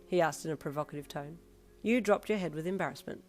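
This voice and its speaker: A woman's voice: low voice, fairly even intonation, fast talker, a little mellow, faint music behind. A woman reading a second-person fanfiction story aloud in a playful, informal way. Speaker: fanfiction reader.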